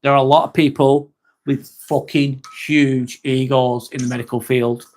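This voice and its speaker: A man's voice: medium pitch, flat delivery, moderate pace, darkish tone. A young man hosting a casual live stream, chatting to viewers, swearing now and then and calling people mate. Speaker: livestream host reading chat.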